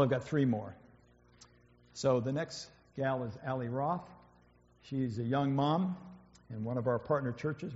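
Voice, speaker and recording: A man's voice: mid-range voice, a little mellow. A man giving an informal sermon, speaking conversationally with many fillers and restarts. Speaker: church speaker. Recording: dull, echoey church hall.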